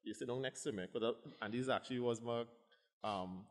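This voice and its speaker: A Trinidadian man, a bodybuilder guest, telling stories in an animated, casual way and acting out what others said. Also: medium pitch, brisk, long reverb tail. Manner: animated, acts out quotes. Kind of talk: casual storytelling.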